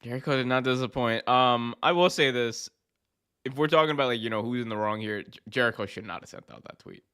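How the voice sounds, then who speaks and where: A man's voice: medium pitch, lively intonation, quick pace, pushed and bright, clear, resonant tone. A man co-hosting a podcast, chatting casually and laid-back, laughing often. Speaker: podcast co-host. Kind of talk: casual wrestling chat.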